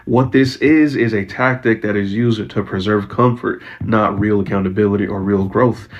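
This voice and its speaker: A man's voice: lowish voice, fairly even intonation, normal speed, highs cut off. A man giving an earnest, explanatory advice monologue.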